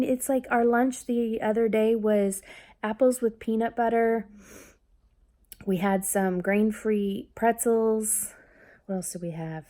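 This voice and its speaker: Chatty mom rambling through fillers. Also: female voice, a little high. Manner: grows lively and excited when telling family stories. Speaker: mother talking about her family. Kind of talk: casual vlog chat.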